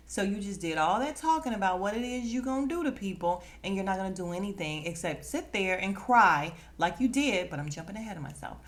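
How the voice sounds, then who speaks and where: A woman hosting a podcast, recapping a reality dating show in a sassy, animated way. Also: medium pitch, brisk, a little hiss or hum. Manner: sassy, animated, quotes cast members with attitude. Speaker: podcast host.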